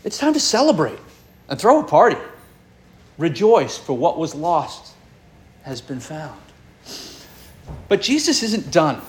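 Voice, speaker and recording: High-voiced man preaching a sermon. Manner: expressive preaching, pitch swinging high and low with pauses. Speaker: pastor.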